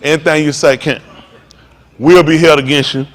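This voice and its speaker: A man's voice: fairly high pitch, fairly even intonation, normal speed, big-room sound, pitched below the performer's own voice, natural voice. A man putting on the voice of a male police officer reciting rights in a stiff, official way. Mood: mocking.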